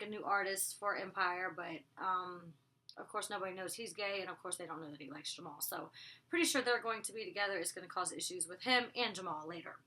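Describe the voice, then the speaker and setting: A woman's voice: mid-range voice, sharp tone. A woman reviewing a TV episode in a casual vlog, rambling and chatty with many asides. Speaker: TV show reviewer.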